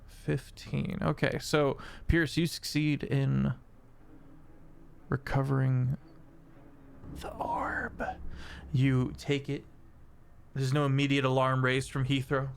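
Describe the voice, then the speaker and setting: A man's voice: mid-range voice, level tone, slow, creaky, clear, resonant tone. A man acting as game master for a tabletop game who describes scenes while searching for words. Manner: searching for words, with fillers and restarts.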